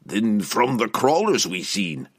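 A man voicing a gruff older male lord and father who speaks with rough, folksy grammar in a storybook reading. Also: mid-range voice, very animated, normal speed, fairly bright tone, voice pushed up, heavily acted. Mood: hopeful.

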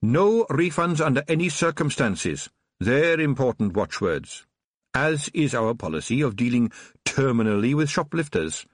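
Man doing an old witch woman, sugary, menacing, lively swoops, dry sound. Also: medium pitch, unhurried, no room sound, pitched above the performer's own voice. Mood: gleeful. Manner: gleeful, honeyed, menacing. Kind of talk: audiobook character voice.

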